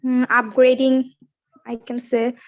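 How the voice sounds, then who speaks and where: High-voiced hesitant woman learner. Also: little pitch movement, slow pace, a little mellow, dry recording, lo-fi sound. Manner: polite, hesitant, many fillers, says "ma'am". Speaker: English learner. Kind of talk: speaking practice in an online class.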